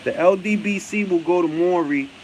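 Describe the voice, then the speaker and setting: Hosting a boxing talk show, a man with a high-sitting voice and a New York accent answers viewer comments at a normal speed. He's blunt and profane and laughs often, with background noise behind him.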